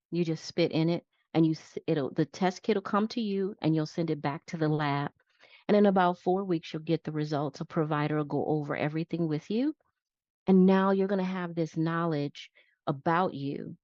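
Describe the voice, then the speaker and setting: A woman's voice: lowish voice, darkish tone, no echo. A woman nurse practitioner being interviewed, explaining her practice in plain step-by-step terms. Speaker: psychiatric nurse practitioner guest. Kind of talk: conversational interview. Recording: dull lo-fi dry sound.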